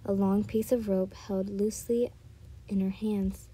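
A woman's voice: mid-range voice, level tone, moderate pace, warm tone, slightly rough, low-quality recording. A woman reading fan fiction aloud, often stumbling and correcting herself. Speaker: storyteller.

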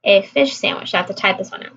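A woman's voice: mid-range voice, quick pace, a bit bright. A woman vlogging her language practice in casual chat, repeating phrases aloud to her viewers. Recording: dull lo-fi recording.

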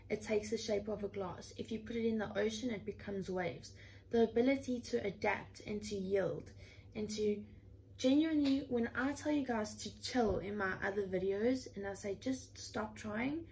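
A woman's voice: mid-range voice, normal speed, vocal fry, darkish tone, slight background noise, poor audio. A woman in her twenties talking in a casual, heartfelt way from her room at home, earnest and chatty, often leaning on the word "literally.". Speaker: vlogger.

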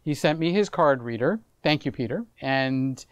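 A middle-aged man hosting a camera vlog, telling a story to the camera in a casual, animated way. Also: mid-range voice, moderate pace, clear, resonant tone, dry recording. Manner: animated, acts out conversations, chuckles often. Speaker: camera reviewer, vlog host.

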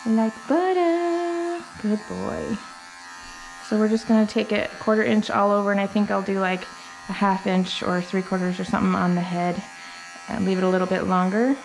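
Speaking fairly quickly in a creaky, mid-range voice with a level tone, a young woman casually narrates a dog grooming session for her vlog. Between explanations she chats and coos at the dog in baby-talk, while the hair dryer and electric clippers running in the grooming room hum behind her on the in-room camera mic.

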